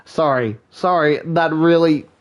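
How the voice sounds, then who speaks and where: Young man, slightly high voice, tired late-night rambler, self-mocking, lots of fillers. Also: measured pace, muffled recording. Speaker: gaming video creator.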